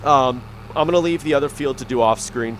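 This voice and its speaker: While playing a farming video game, a gaming YouTuber offers rambling, easygoing commentary full of ums, and he has the hiccups. He talks fast at a medium pitch with a fairly bright tone, and there's a little hiss or hum in the audio.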